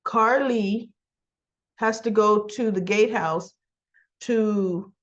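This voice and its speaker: Woman chatting thru a soap recap, slow and easy, kinda dull lo-fi sound. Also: mid-range voice. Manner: chatty retelling with laughs and fillers. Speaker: soap opera reviewer. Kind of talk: casual episode recap.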